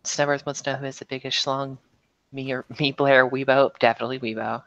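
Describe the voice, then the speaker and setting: A woman talking as a guest on a live stream, speaking in a frank, casual way with quick reactions. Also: a bass voice, steady tone, fairly bright tone, dry recording, lo-fi sound. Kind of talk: casual chat.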